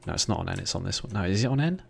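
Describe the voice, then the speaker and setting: A man talking low and gravelly while he streams a role-play game. He rambles and jokes, swearing freely and breaking off to thank his viewers. His talk is loose and offhand. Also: very animated, rapid-fire, very noisy. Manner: joking, sweary, rambling asides to chat. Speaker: streamer playing a police recruit. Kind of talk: casual streaming commentary.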